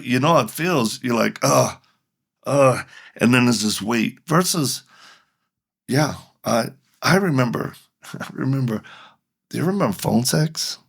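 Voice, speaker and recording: A middle-aged man with a rough, gravelly voice and a husky edge speaks as a podcast guest. He narrates animatedly, playing out both sides of each exchange as the story unfolds. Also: medium pitch, a bit bright. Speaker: guest speaker, ministry leader.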